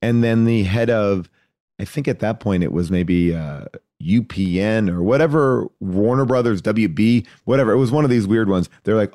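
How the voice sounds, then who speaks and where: Male comedian guest, low-pitched, dry close sound, loose rambling anecdote style. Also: moderate pace, dry recording. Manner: animated, acts out voices in his anecdotes; loose and rambling, many fillers and restarts. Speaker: podcast guest, actor and comedian. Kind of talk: casual storytelling chat.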